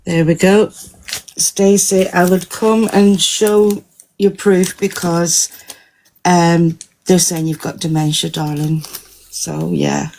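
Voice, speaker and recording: A woman hosting a live audio chat room, speaking in a calm, matter-of-fact way. Her voice sits low for a woman, and her delivery stays flat. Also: slow pace, gravelly, a little hiss or hum. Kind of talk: casual chat.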